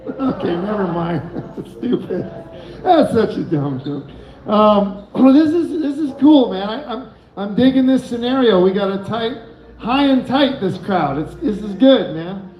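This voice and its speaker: A man doing a rambling, giggly stand-up set on a bar stage with a handheld mic. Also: sits high. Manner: rambling, giggly, loose delivery. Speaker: open-mic comedian. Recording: echoey room, muffled mic.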